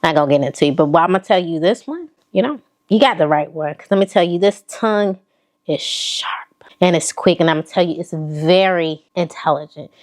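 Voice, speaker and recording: Her voice lowish and her pace fairly quick, a Southern woman walks viewers through a fashion haul. The vlogger is lively and sassy, addressing her audience directly in a casual way.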